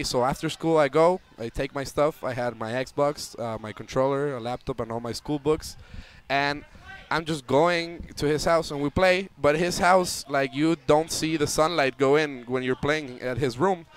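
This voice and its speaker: A young man, a tournament player, telling an animated story to a chat audience and acting out the voices in it. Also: medium pitch, moderate pace, clean tone. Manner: lively, acts out voices in the story. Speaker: interview guest, tournament player.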